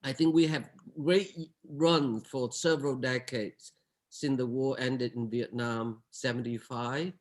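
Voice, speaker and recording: A man's voice: mid-range voice, steady tone, a little slow. A man speaking as a curator on a panel, earnest and searching, often restarting his sentences. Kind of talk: reflective panel remarks.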